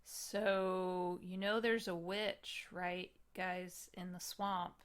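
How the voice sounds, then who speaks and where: A woman's voice: fairly low pitch, little pitch movement, very slow, smooth. A woman playing a tabletop game, chatting in a joking, offhand way. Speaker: player. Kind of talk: casual chat at a tabletop game.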